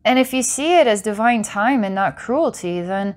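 A woman's voice: a little high, lively intonation, moderate pace. A woman doing a psychic reading for a client, rambling and breaking into giggles between intense passages. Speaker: psychic reader.

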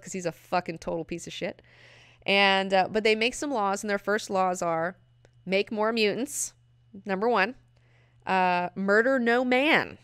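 A woman hosting a casual comic book review, talking in an excitable, gushing way and swearing freely. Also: fairly low pitch, smooth, no room sound, clean studio sound.

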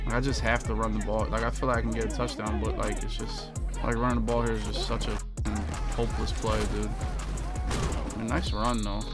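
A young man giving live commentary while playing a football video game, swearing often and swinging from low muttering to loud, exasperated outbursts. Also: level tone, normal speed, over loud music. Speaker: gaming video creator.

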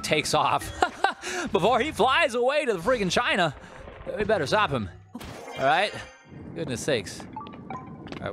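Animated man narrating his gameplay. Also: fairly high pitch. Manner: chatty, animated, joking asides. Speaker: let's play host. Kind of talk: video game commentary. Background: game music.

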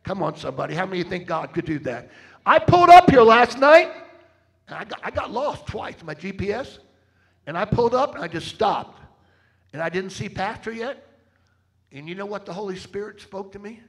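A man's voice: high-pitched, expressive, a little fast. A man preaching a sermon in a church, telling dramatic stories and calling out to the congregation for responses. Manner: dramatic storyteller, rallies the crowd with call-outs. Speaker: travelling preacher. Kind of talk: sermon with storytelling and fundraising appeal. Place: church service.

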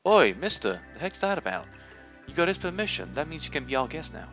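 A man voicing an eager young village boy, speaking high and excited. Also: brisk, muffled recording, soft background music. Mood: cheeky.

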